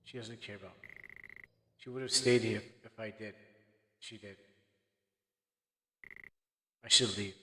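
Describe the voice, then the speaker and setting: A man's voice: fairly low pitch, fairly even intonation, a little slow, long pauses, bright, forceful tone. A man streaming a game playthrough, reading its text aloud in a subdued, hesitant way. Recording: long reverb with faint game music.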